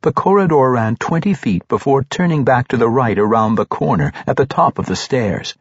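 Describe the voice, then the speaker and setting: A man with a husky voice, reading a novel aloud in a measured, steady manner. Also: medium pitch, no room sound. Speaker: audiobook narrator. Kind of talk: scripted narration. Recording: dull, dry, muffled.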